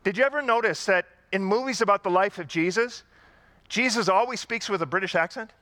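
A man's voice: high-pitched, brisk, pushed and bright. A man preaching a sermon to a congregation, in a conversational style with rhetorical questions and emphatic repetition. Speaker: pastor.

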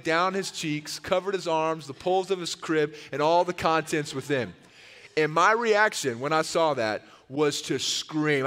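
Earnest young pastor in an echoing hall. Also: male voice, a little high. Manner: earnest and storytelling, given to animated retellings. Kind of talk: sermon. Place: church sanctuary. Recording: long reverb of a large hall.

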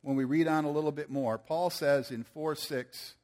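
Speaking at a moderate pace, a pastor in his fifties gives a conversational sermon in which he questions listeners and acts out quotes with slangy phrasing. His voice is a little high and darkish in tone, with fairly even intonation.

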